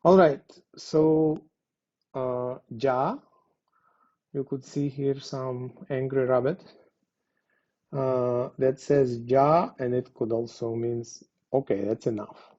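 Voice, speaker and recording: A man gives a language lesson at a very unhurried pace, with a mellow, dark tone. He pauses often and fills gaps with little hesitations. The recording sounds dull and lo-fi. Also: medium pitch, steady tone. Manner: deliberate, pausing with many fillers. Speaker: language teacher. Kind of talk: slow explanatory lesson.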